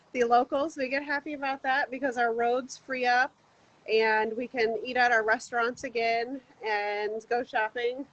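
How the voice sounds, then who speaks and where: A woman from Florida chatting as a guest over a phone video call from her garden, friendly and quick to laugh. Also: fairly high pitch, muffled recording. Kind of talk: casual chat. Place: outdoors in a garden.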